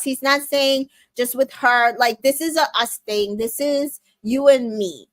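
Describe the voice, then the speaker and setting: A woman's voice: high-pitched, fairly even intonation, unhurried, no room sound. A young adult woman casually recapping a reality show, retelling scenes with quoted lines, many fillers and small laughs. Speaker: recap host.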